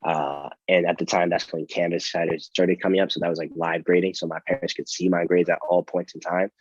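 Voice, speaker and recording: A young man, a college athlete, telling stories in a relaxed, rambling way with many fillers and restarts. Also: low voice, brisk, dry recording, highs cut off. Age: young adult. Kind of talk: casual storytelling interview.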